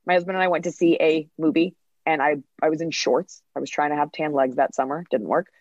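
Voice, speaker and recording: A woman comedian, a guest on a podcast, telling stories in an animated way and acting out bits of dialogue. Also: low-pitched, fast talker, no room sound, highs cut off. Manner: animated storytelling, acts out dialogue. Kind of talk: podcast interview.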